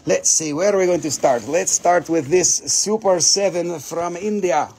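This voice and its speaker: A man hosting a live crystal sales stream, excitable and gushing, with casual swearing as he rattles off prices. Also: sits high, unhurried, hardly any pauses, slightly rough.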